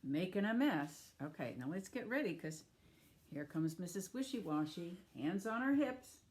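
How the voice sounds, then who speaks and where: A woman's voice: on the low side, expressive, moderate pace, a little mellow. A woman reading picture books aloud to young children, inviting them to join in the actions and sound effects. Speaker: children's storyteller.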